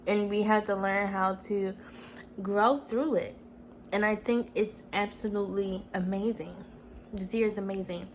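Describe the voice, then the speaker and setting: A woman's voice: medium pitch, steady tone, a little slow, a little hiss or hum, rough recording. A woman in her twenties talking casually and earnestly to her camera at home, rambling with many "you know"s. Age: 20s. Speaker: vlogger. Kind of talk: casual personal vlog. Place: at home, TV on mute.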